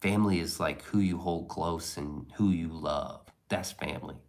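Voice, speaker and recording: Deep and creaky with a darkish tone, this man's voice moves at normal speed. Streaming casual chat, he reads his messages and replies in a relaxed, meandering, profane manner.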